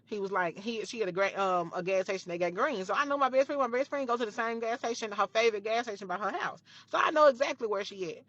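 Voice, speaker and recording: A woman's voice: mid-range voice, quick pace, hardly any pauses, a bit bright, no room sound, muffled recording. A young woman telling a story from her own life, emphatic and profane, often repeating her phrases. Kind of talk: storytime retelling.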